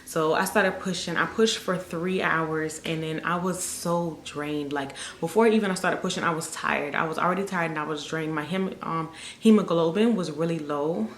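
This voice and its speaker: Casting note: young woman, storytime vlogger, fairly low voice, echoey room. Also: moderate pace, few pauses, slight background noise. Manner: animated storyteller, acts out quotes. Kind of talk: casual storytime. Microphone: camera mic.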